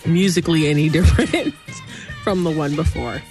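A woman co-hosting a podcast in casual chat, talkative, with laughs and quick asides. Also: sits low, sing-song, music in the background. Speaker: podcast co-host.

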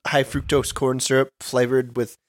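A man's voice: mid-range voice, flat delivery, normal speed, no room sound. A man co-hosting a podcast in casual conversation. He trades dry, sarcastic jokes at his own expense. The recording is dry and close, with no room sound. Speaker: podcast co-host. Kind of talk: casual chat.

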